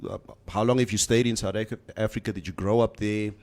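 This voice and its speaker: A man's voice: lowish voice, steady tone, brisk, darkish tone. Easygoing radio host, man. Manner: easygoing, laughs often. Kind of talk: casual interview. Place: radio studio.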